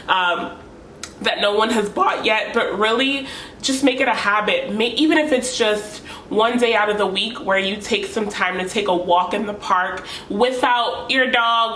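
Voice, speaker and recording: A woman's voice: medium pitch, pushed and bright, a little hiss or hum. A young woman vlogger giving earnest, encouraging advice to camera, repeating key points for emphasis. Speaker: lifestyle vlogger. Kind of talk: casual advice talk to camera. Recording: echoey room with faint ambience.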